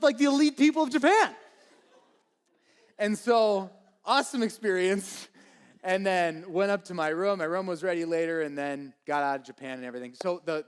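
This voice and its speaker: A man from Minnesota preaching a sermon, telling a lively comic story and acting out the voices of the people in it. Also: a little high, clean tone. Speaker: pastor.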